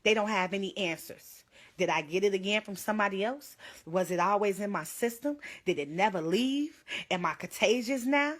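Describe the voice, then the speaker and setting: A woman's voice: mid-range voice, moderate pace. Tearful, pleading young woman. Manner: urgent, pleading, tearful at times. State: holding back tears. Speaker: livestreamer sharing her own illness. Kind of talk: emotional phone livestream.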